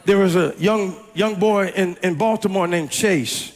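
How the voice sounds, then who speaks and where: A man preaching a storytelling sermon, animated and repetitive, often rising to a shout. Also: high-pitched, a little slow.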